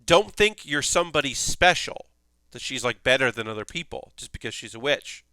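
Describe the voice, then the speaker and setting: Lively intonation and a pushed, bright quality mark this man's mid-range voice, which moves at a moderate pace on a dry recording. Hosting a stream, he meanders through an anime's plot, leaning heavily on filler words.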